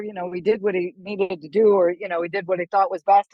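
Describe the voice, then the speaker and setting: A middle-aged woman, a golf instructor, telling stories animatedly in a casual podcast chat, with quick asides and restarts. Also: on the low side, steady tone, no room sound, muffled recording.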